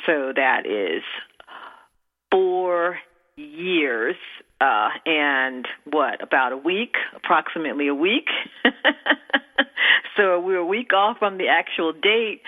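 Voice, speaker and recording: A woman's voice: sits low, animated, takes it slowly, long pauses. A woman radio host talks over a tinny phone line in a bubbly, rambling way. She keeps starting over and filling gaps with ums. She takes her time with the words. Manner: bubbly and rambling, with many fillers and restarts. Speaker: radio show host and minister. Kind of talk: casual chat on internet radio.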